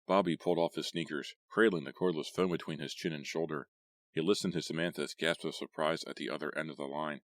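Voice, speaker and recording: A man reading a horror audiobook in a measured, steady way. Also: rumbling low, no room sound. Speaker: audiobook narrator. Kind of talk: scripted horror audiobook narration.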